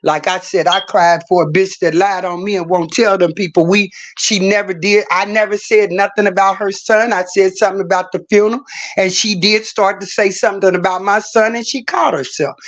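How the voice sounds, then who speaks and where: A woman's voice: medium pitch, steady tone, brisk, muffled recording. A middle-aged woman livestreaming, telling stories in a blunt, profane, casual rant.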